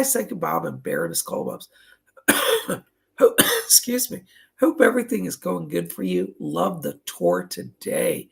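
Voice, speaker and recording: A man hosting a psychic livestream, chatty and effusive, his voice raspy and strained from a cold. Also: high-pitched. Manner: chatty, effusive, greets viewers by name. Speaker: psychic medium livestream host. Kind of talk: casual livestream chat. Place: indoors at a table.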